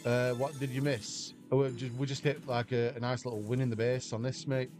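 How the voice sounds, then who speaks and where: An English man chats loosely with his livestream viewers, answering their questions as they come in. His pitch sits in a plain middle range, and faint music plays behind him. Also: flat delivery, fairly quick, a little mellow. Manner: rambling banter, answers chat questions aloud. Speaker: slot livestreamer. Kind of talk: casual chat with stream viewers.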